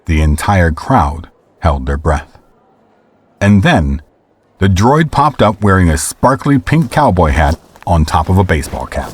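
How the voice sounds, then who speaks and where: A man narrating a scripted audio drama in a measured storytelling way. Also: sits low, sing-song, slightly rough.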